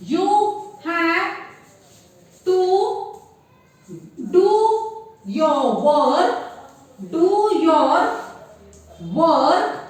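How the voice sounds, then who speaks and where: A woman teacher with an Indian English accent, slowly explaining grammar to children and repeating each word aloud. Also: very high voice. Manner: slow, repetitive explaining, drills words aloud. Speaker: school teacher. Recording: echoey room, far from mic.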